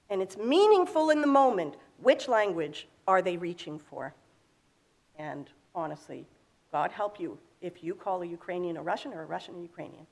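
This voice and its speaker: A middle-aged woman giving a sermon in an earnest, explaining way, asking rhetorical questions. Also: on the high side. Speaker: speaker at a congregation.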